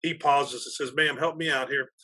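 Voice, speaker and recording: Husky bright-voiced man telling stories. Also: mid-range voice, moderate pace. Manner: animated, laughs through his stories. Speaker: athletic director and guest. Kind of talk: casual storytelling on a podcast.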